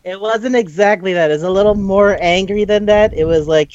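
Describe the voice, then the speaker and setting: A man's voice: sits high, normal speed, few pauses, highs cut off. A man co-hosting a casual chat, recapping an anime with lots of swearing and quoted voices. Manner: profane, animated retelling with quoted voices. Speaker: podcast co-host.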